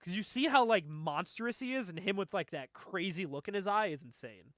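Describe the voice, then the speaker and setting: A man's voice: high-pitched, lively intonation, fairly quick, fairly bright tone, no room sound, studio quality. A man hosting a casual comic review podcast, recapping animatedly, laughing often and acting out quotes.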